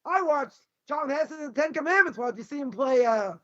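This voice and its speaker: A rabbi giving a Torah lecture, blunt, combative and sarcastic. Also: male voice, extremely high pitch, expressive, a little fast, sharp tone. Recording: dull lo-fi recording.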